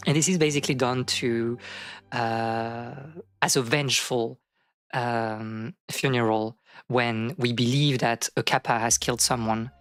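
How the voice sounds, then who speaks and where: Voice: medium pitch, fairly even intonation, measured pace, dry recording, soft background music. A streamer casually retelling a folk tale, rambling with many fillers and acting out the quotes.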